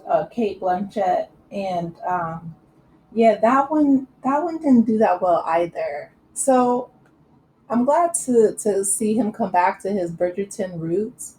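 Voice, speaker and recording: A woman's voice: mid-range voice, mellow, a little hiss or hum, low-quality recording. A woman hosting a casual commentary vlog, chatty and opinionated, with lots of fillers and asides. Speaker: channel host.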